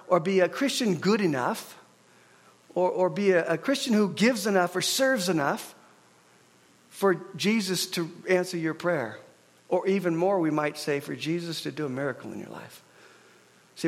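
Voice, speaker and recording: Man, pastor, middle-aged, high voice, conversational sermon, animated storytelling.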